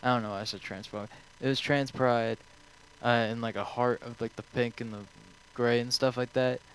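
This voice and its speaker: A man's voice: mid-range voice, steady tone, moderate pace, slight background noise, low-quality recording. A young man streaming, answering viewer questions in a rambling, offhand way full of swearing. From United States.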